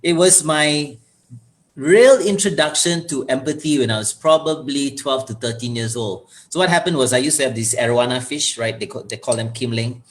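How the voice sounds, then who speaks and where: Man host of an online chat, animated self-deprecating storyteller, mid-pitch voice. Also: normal speed. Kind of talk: casual online talk show.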